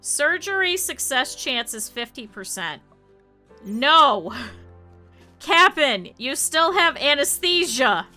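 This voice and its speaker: A woman's voice: sits high, big pitch swings, unhurried, few pauses, bright, forceful tone, soft background music. A woman streamer giving live gameplay commentary, chatty, laughing often and talking to her game characters and chat.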